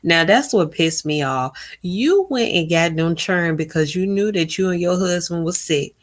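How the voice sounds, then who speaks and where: Blunt, animated woman streaming live. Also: normal speed. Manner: blunt, profane, animated, swoops up in pitch. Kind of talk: casual live-stream chat.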